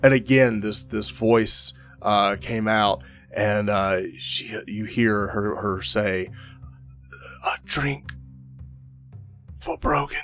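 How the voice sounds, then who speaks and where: A man running a tabletop game as game master, describing the scene in a halting way full of fillers and restarts. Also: lowish voice, flat delivery, a bit bright, faint music behind.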